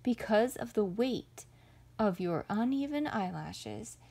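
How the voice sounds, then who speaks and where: A woman voicing a small, quick-witted male rabbit who talks in a coaxing, mock-sympathetic way, for a storybook. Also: mid-range voice, expressive, gravelly, a little mellow, breathy edge, full character voice. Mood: sly.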